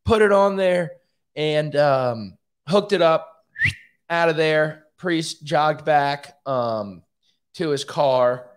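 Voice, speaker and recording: A man's voice: on the high side, takes it slowly, smooth. A man hosting a podcast, telling a story in a casual, profane and self-mocking way. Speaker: podcast host.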